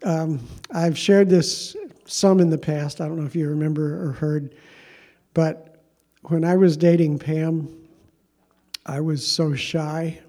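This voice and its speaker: A man's voice: on the high side, fairly even intonation, takes it slowly, dark tone. A man preaching a sermon as pastor, telling a story in a conversational, self-deprecating way.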